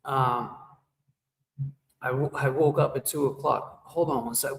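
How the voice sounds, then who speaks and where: A man's voice: mid-range voice, fairly even intonation, measured pace, vocal fry. Rambling joking man with echo effect. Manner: rambling, joking, talks back to chat. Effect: shower-like echo effect. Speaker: livestreamer. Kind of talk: casual livestream chat with viewers. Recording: echoey reverb effect on voice.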